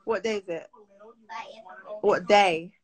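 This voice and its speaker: A woman's voice: medium pitch, takes it slowly, rough recording. A teenage girl from Britain, chatting casually on a live stream and answering viewer comments aloud.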